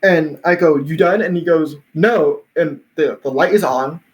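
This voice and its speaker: A man's voice: a little high, moderate pace, muffled recording. Young man telling a rambling story. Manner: rambling, full of "like" and restarts, laughs while telling. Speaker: podcast host. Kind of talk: casual storytelling chat.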